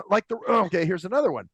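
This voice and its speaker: A man's voice: high voice, lively intonation, a little fast, a bit bright, slightly rough, no echo. A man co-hosting a casual, profane chat, laughing and doing movie voices. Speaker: podcast co-host.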